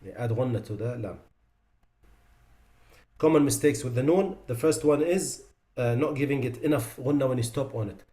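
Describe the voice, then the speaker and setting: A man's voice: medium pitch, normal speed, long pauses, warm tone. Man teaching recitation mistakes. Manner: demonstrates sounds by reciting them, then drops his voice to correct them. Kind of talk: tajweed lesson.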